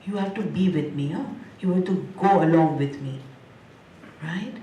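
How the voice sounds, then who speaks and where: A woman's voice: low voice, normal speed, mellow, a little hiss or hum. A woman gives a spiritual talk, chatty and playful, laughing often and repeating words rhythmically. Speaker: spiritual teacher. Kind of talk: spiritual discourse with humor. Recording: echoey hall, mic at a distance.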